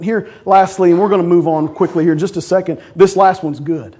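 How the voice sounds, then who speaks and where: High-voiced preacher. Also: male voice, fairly even intonation, a little fast, few pauses, slightly rough. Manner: emphatic, swings from loud declarations to hushed asides; calls for congregation response. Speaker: pastor. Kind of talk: sermon.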